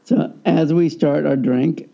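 A man spins a chatty anecdote, lively and acting out the people in it. His voice is gravelly and dark, sitting a bit high for a man, and the recording sounds dull and lo-fi. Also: takes it slowly. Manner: animated, acts out quoted voices. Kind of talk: casual conversational storytelling.

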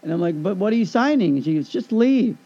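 A man in his fifties in casual chat, telling an animated story and acting out both sides of a conversation. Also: sits high, very fast. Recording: dull lo-fi recording.

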